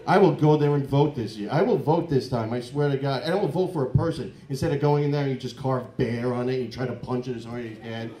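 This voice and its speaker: A man doing a crude, rambling stand-up comedy set in a comedy club, breaking into loud mock voices. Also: medium pitch, fast, hardly any pauses. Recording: echoey club room.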